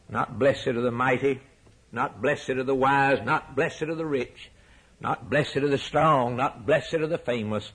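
A male preacher delivering a sermon with rhetorical repetition, rising to soaring emphatic peaks and dropping to hushed low lines. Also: steady tone, measured pace, breathy edge, low-quality recording.

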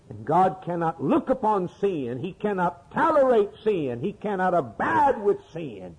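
A man preaching a fervent sermon, dropping to low murmurs and rising to impassioned cries. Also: big pitch swings, measured pace, few pauses, slightly rough, dull audio.

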